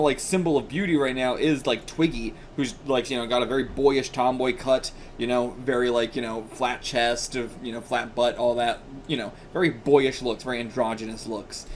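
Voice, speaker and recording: In a manga reaction video, a man hosts in a chatty, casual manner, laughing often and peppering his speech with "like" and "you know." His voice is mid-range, with a little hiss or hum in the audio.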